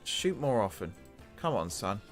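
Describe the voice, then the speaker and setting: A man's voice: lowish voice, a little slow. A man hosting a gaming channel, casually commentating a football management game and urging his players on, with faint music behind him. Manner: excitable, talks to the game's players.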